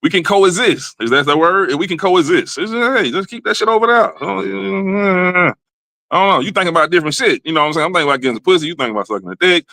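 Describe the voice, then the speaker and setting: A man hosts a comedy livestream, ranting loosely and cursing freely. His voice is bright and pitched a bit high, with wide swings in pitch. The sound is dry and close. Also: expressive, fast talker, gravelly, no room sound. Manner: profane, loose, riffing rants with repeated fillers. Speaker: show host. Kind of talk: casual comedic livestream commentary.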